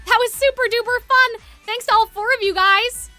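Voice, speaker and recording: A young woman streamer giving playful, excitable commentary while playing a game. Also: very high voice, normal speed, soft background music.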